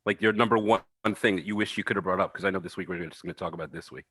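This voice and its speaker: A man's voice: sits low, rapid-fire, a bit bright, dry recording. A man co-hosting a casual podcast, playful and goofy, laughing often. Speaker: podcast co-host. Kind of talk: casual chat.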